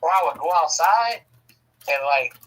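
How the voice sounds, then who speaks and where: A man telling a family story casually, profane and animated, often laughing. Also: on the high side, normal speed, slightly rough, poor audio.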